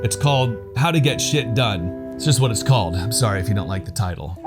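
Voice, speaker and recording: A man's voice: on the low side, fairly quick, loud music behind the voice. A man vlogging casual, candid advice for husbands, often mocking himself. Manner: candid, self-mocking, animated. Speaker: vlogger giving marriage advice. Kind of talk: casual self-deprecating talk to camera.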